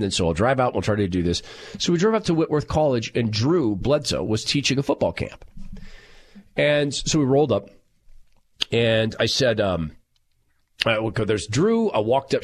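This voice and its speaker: A middle-aged man hosting a talk radio show, telling stories and reading listener texts in a loud, animated way. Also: medium pitch, slightly rough.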